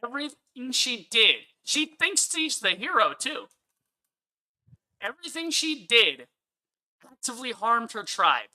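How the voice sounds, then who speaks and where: A man's voice: very high-pitched, sing-song, measured pace, pauses often, bright, forceful tone. A man ranting angrily on a live stream as he reviews a film, swearing often and repeating his points for emphasis. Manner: angry, profane ranting.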